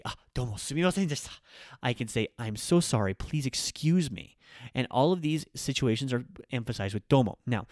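A man hosting a casual online language lesson, explaining in a relaxed way with frequent ums and likes. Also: mid-range voice, no room sound, studio quality. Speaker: language teacher.

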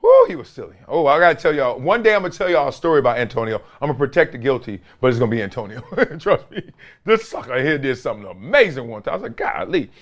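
Animated, lively-voiced man telling stories. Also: medium pitch, fast. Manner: animated, laughing storyteller, slangy and emphatic. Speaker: sports talk show host. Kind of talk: casual sports commentary with storytelling.

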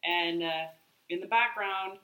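Animated bright-voiced woman telling a story. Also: mid-range voice, slow pace, roomy sound, rough recording. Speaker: podcast co-host. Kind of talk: casual storytelling chat.

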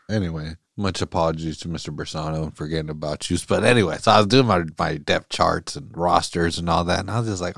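A man's voice: low-pitched, quick pace, no echo, clean studio sound. Laid-back profane male podcast host. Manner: laid-back, slangy, profane, laughs often. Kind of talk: casual solo sports podcast. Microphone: podcast mic.

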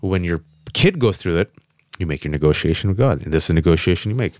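A man as an interview guest, telling a personal story with emphatic, quick restarts. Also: low-pitched, dry recording, studio quality. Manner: emphatic, fast restarts, animated quotes. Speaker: guest on a podcast.

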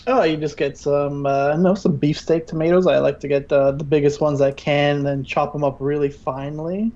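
A man's voice: fairly high pitch, steady tone, normal speed, warm tone, dull audio. A man, a podcast guest, doing playful mock cooking-show patter, rambling with lots of restarts. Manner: jokey, rambling with many restarts.

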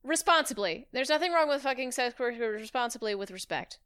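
A woman in casual podcast chat, throwing in quick jokes and laughing often. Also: a little high, lively intonation, a bit bright, clear, resonant tone. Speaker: podcast co-host.

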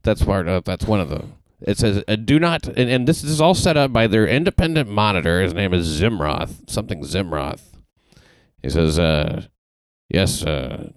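A man from the American South hosting a casual comedic chat, deadpan and jokey, with many stumbling restarts. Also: deep voice, moderate pace, clean tone, no room sound. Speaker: podcast host.

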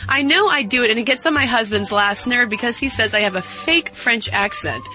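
Chatty lady podcast host reading mail, bright crisp voice, soft music behind. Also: fairly high pitch, low-quality recording. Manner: brisk, chatty, laughs easily. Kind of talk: casual podcast chat, reading listener mail.

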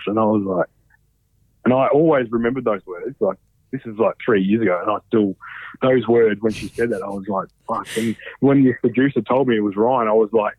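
A man's voice: fairly low pitch, brisk, husky, dry recording. A man in his thirties with an Australian accent, telling stories as a guest in a casual chat, swearing a lot and rambling with many fillers. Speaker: podcast guest. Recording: dry, phone-like sound.

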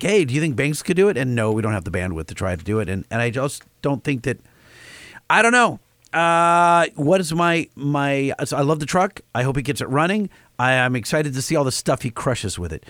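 A man co-hosts a chatty podcast, reading listener emails aloud and stumbling through lots of fillers and restarts. His pitch moves around a lot. The recording is close and dry. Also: fairly bright tone, no echo. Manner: halting, many fillers and restarts. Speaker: podcast co-host.

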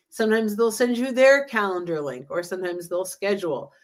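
An enthusiastic woman speaks as a sales trainer in a casual podcast conversation. She talks fast and eagerly, slipping into lively acted-out sample dialogue to make her points. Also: mid-range voice. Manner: enthusiastic, acts out example dialogue. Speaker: LinkedIn sales trainer, guest.

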